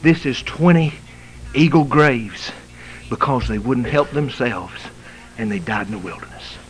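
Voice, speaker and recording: A male preacher voicing a solemn old tribal elder man inside a sermon story, telling it in a slow, earnest storyteller tone. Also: mid-range voice, slight background noise, voice pushed down, natural voice. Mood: grave.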